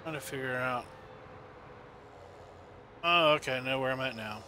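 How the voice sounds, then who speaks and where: A man's voice: mid-range voice, normal speed, bright, forceful tone, a little hiss or hum. A man casually chatting and telling stories while streaming a farming game, rambling with lots of fillers. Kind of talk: casual gameplay chat and storytelling.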